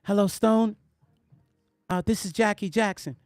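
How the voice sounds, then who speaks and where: A man doing an impression of a soft-spoken man on a phone call, with a light, breathy, gentle delivery. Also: high-pitched, steady tone, measured pace, dry recording, clean studio sound. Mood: soft, polite. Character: famous older man on a phone call, speaking softly and gently.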